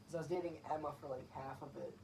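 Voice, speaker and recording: A young man with a slightly high voice rambles through school memories, peppering every phrase with filler. He sounds set back from the mic, with clear noise running behind him. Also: fairly even intonation, rapid-fire, darkish tone, distant mic, rough recording. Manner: rambling storyteller, heavy on filler "like". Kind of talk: casual podcast chat.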